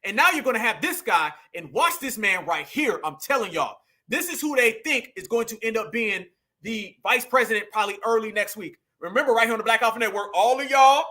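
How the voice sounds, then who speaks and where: A man hosts a talk stream, reacting to clips and speaking straight to his audience. His voice sits very high and rings bright and forceful. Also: a little fast. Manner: animated, addresses viewers as family and y'all. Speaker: host of a political commentary channel. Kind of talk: casual commentary reacting to clips.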